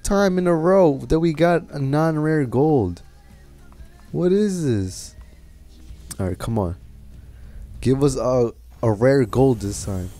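Male gaming host, casual and exasperated, swears freely, talks slowly. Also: medium pitch, lively intonation, warm tone. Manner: frustrated, swearing, grumbling at bad luck. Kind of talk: casual game commentary.

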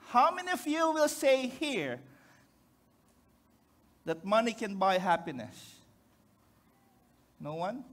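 Filipino male pastor with a very high voice, chatty joking sermon that keeps checking in with the congregation. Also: lively intonation, slow pace, pauses often, a bit bright. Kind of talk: conversational sermon.

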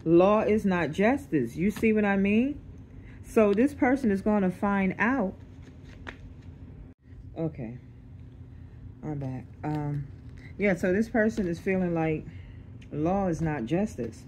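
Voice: medium pitch, expressive, slow pace, long pauses, darkish tone, slight background noise. A tarot reader doing a casual reading to camera, blunt and streetwise, swearing freely and checking in with the listener. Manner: checks in with the listener, repeating "okay?".

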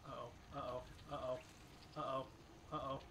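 A young man hosting a casual let's play, excitable and swearing loudly at the game. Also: medium pitch, moderate pace. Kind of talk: casual gaming chat. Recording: noisy home recording.

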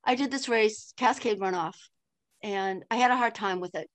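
An older woman, a podcast guest, telling a story in an animated way with frequent laughs and acted-out dialogue. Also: mid-range voice, moderate pace, dry recording. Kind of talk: storytelling interview.

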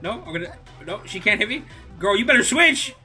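Excitable woman streamer over game music. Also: mid-range voice, brisk. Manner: excitable, laughing often, swings from moping to yelling. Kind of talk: casual gaming chat.

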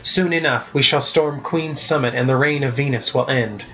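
A man's voice: mid-range voice, moderate pace, sharp tone, natural voice. A man reading the lines of a cheerful young rebel boy in a thoughtful, upbeat way, in a muffled lo-fi recording.

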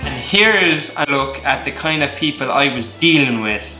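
An Irish man from Ireland hosts his vlog, rambling along and cracking self-mocking jokes in a casual comedic monologue. His medium-pitched voice is expressive and measured in pace, recorded in an echoey room with faint music behind him.

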